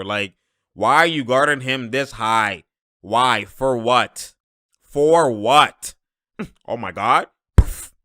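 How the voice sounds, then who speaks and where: A man hosting a basketball reaction show, giving slangy, excited commentary over game clips and laughing often. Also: medium pitch, no room sound, clean studio sound. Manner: animated, slangy, laughs often, shouts at plays. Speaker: host of a basketball reaction channel.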